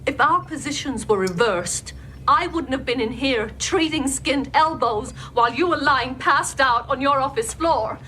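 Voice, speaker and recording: An actress playing a distraught starship counselor in a TV drama, speaking bitterly and accusingly. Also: female voice, high-pitched, a little slow, bright, forceful tone, slight background noise. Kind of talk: 1990s TV drama acting.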